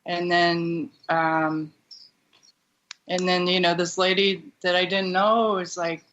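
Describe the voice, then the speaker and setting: A woman with a bright, forceful voice retells a painful memory, halting and restarting as the feeling catches up with her. The audio is a bit muffled and lo-fi, like talk radio. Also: on the low side, little pitch movement. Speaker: guest. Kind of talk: personal storytelling.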